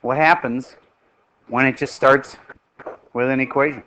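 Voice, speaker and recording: A middle-aged man teaching a math class, lively and joking as he quizzes his students. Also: medium pitch, measured pace, a little hiss or hum, rough recording.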